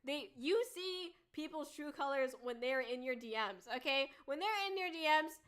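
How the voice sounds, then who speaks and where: A woman's voice: high-pitched, animated, normal speed, fairly bright tone. A woman streamer in casual chat, ranting bluntly and swearing freely. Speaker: VTuber streamer.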